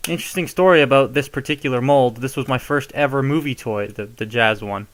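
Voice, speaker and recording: A man's voice: medium pitch, fairly quick. A young man casually showing how to modify a toy, chatty and given to rambling asides. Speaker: toy reviewer. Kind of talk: casual hands-on tutorial.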